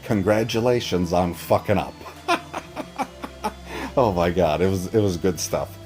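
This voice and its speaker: A man's voice: sits low, moderate pace, faint music behind. Sarcastic, swearing man recapping an episode. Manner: animated, sarcastic, swears a lot, acts out characters' lines. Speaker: TV episode reviewer. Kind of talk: casual profane recap.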